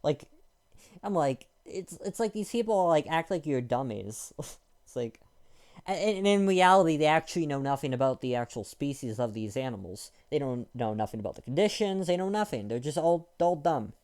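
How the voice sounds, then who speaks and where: A young man with a dark, mellow and smooth voice delivers a rambling, irritated rant. He talks crudely and loosely, with lots of fillers and restarts. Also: a little high, animated, normal speed. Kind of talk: casual ranting monologue.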